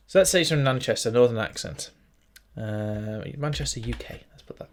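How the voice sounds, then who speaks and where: A young man with a medium-pitched voice talks at a normal speed while hosting a casual screen-recorded writing tutorial. He chats and thinks aloud as he fills out a form, with faint background noise and typing clicks audible.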